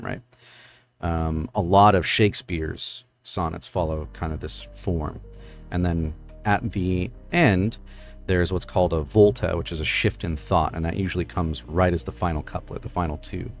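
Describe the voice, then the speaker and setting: Deep-voiced man explaining casually. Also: creaky. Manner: rambling with many fillers and "right?". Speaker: streamer host. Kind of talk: casual live-stream explanation.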